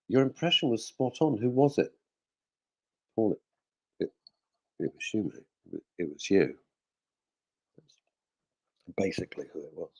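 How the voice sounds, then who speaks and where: A man's voice: medium pitch, gravelly, a little mellow, breathy edge. A male radio host chatting casually in a studio, cracking jokes and reading out listener messages. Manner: jokey, rambling, talks to himself.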